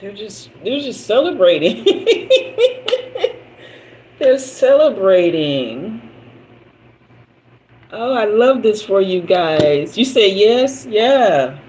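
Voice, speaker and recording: Woman, spiritual reader, slow, emotional, soothing, faint background noise. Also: medium pitch, very animated, a little mellow, rough recording. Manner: emotional, slow and soothing, talks to viewers directly. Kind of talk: live psychic reading.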